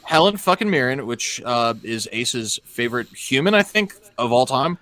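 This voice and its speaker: A man's voice: medium pitch, animated, moderate pace, crowd noise. A man hosting a casual podcast, asking thoughtful questions in an easygoing way. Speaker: podcast host.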